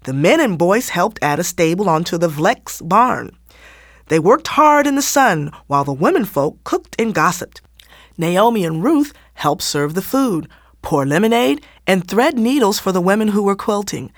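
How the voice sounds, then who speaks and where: A woman reads a children's story aloud with animated expression, at medium pitch and a moderate pace. The studio sound is clean with no echo.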